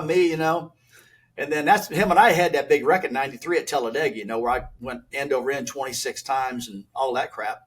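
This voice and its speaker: An older man, a retired race driver, telling animated stories as a podcast guest and acting out old exchanges in a blunt, folksy way. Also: mid-range voice, fairly quick. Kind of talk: animated storytelling.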